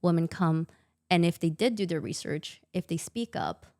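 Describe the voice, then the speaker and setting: A woman's voice: on the low side, normal speed, darkish tone, dry recording, studio quality. A young adult woman, a maternity nurse guest on a podcast, candidly retelling her birth experience with emphatic quoted dialogue. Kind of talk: candid conversational storytelling.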